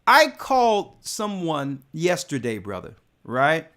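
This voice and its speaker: A man's voice: on the high side, huge pitch swings, takes it slowly, pushed and bright. A man, a church elder, telling a personal testimony in casual speech, emphatic and often repeating words as he builds his point.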